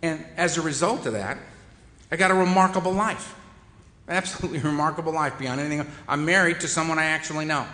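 A man's voice: on the high side, fast, bright, forceful tone. A man giving a humorous recovery talk, wry and self-deprecating, to a meeting hall. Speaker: recovery speaker. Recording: echoey hall with long reverb.

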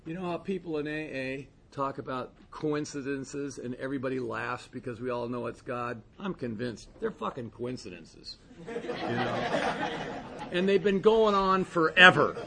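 A man's voice: mid-range voice, a little hiss or hum. A man speaking candidly and conversationally at a recovery meeting, rambling with frequent asides. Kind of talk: personal testimony talk.

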